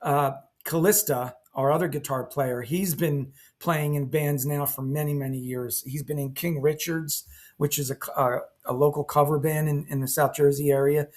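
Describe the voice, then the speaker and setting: An older man, a band's guitarist, casually telling rambling, animated anecdotes with sound effects while seated indoors. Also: a little high, normal speed. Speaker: band guitarist. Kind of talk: casual storytelling to camera.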